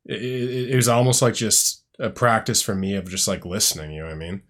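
A man hosting a casual talk, speaking in a reflective, halting way with many fillers. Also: fairly low pitch. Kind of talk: casual conversation.

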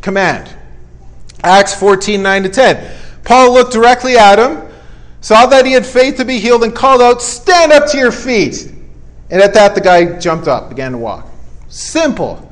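Man, preacher, conversational sermon, high voice, emphatic, folksy asides. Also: animated, moderate pace.

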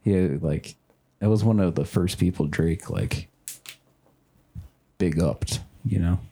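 A man's voice: low-pitched, takes it slowly, creaky, mellow, husky. A young man co-hosting a comedy podcast, chiming in with amused remarks in casual chat. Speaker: podcast co-host.

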